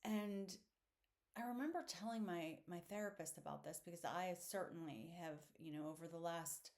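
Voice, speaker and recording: A woman's voice: lowish voice, darkish tone. A woman hosting a podcast, talking through a reflective solo monologue in an earnest, candid way with plenty of fillers. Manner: unhurried, thoughtful, many fillers. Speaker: podcast host.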